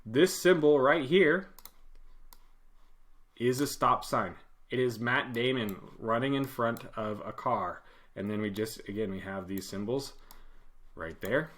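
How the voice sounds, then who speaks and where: Animated man teaching a coding lesson. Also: mid-range voice, a little slow, pauses often. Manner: animated, acts out commands in a loud put-on voice. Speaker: web development instructor. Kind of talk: casual screen-share coding lesson.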